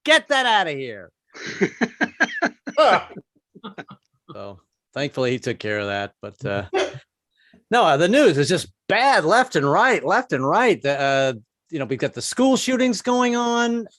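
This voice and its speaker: Brief: stand-up man in his 50s, high-pitched, dry close mic, rambling, self-mocking. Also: very animated, slow pace, long pauses, fairly bright tone, no echo. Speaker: stand-up comedian. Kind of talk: stand-up comedy set.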